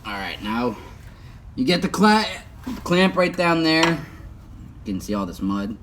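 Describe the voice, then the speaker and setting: A man's voice: medium pitch, big pitch swings, a little slow, fairly bright tone. Chatty young man streaming outdoors. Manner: chatty, talks while working, often mutters. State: hot and sweating. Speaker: livestreaming YouTuber. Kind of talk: casual how-to livestream. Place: outdoors, working on a truck. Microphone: phone. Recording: faint outdoor noise.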